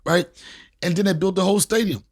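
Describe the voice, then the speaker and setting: Animated, profane comedian with a raised voice. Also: male voice, high-pitched, fast talker, slightly rough. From Washington, D.C. area. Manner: animated, profane, emphatic, repeats phrases for punch. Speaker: comedian and podcast host. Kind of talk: casual storytelling in an interview.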